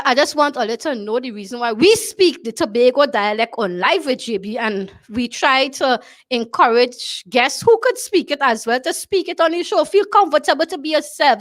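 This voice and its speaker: A Trinidadian woman hosts a talk show, speaking emphatically, repeating her phrases, and often asking "you understand?" Her voice sits high and sounds a bit bright.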